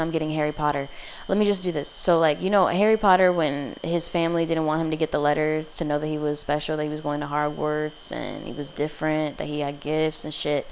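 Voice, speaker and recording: A woman's voice: low-pitched, vocal fry, slight background noise. A woman giving a casual pick-a-card tarot reading, blunt, profane and rambling. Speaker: tarot reader.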